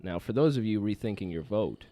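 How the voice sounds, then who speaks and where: A man's voice: lowish voice, animated, brisk, dark tone. A man, a podcast guest, telling a rambling story in casual chat.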